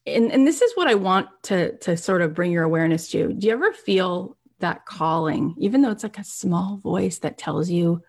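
A woman telling an inspirational success story, animated, acting out the people in it. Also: fairly low pitch, moderate pace, creaky, few pauses. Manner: animated retelling with acted quotes, rising intensity. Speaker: motivational speaker.

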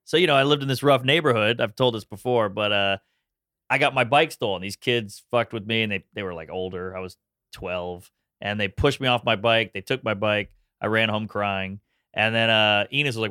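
A man's voice: lowish voice, a little fast, clear, resonant tone, no room sound, clean studio sound. A man in his thirties from New Orleans, a comedian guest telling a story in casual chat and acting out the voices of the people in it. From New Orleans, Louisiana. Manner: animated storyteller who acts out voices.

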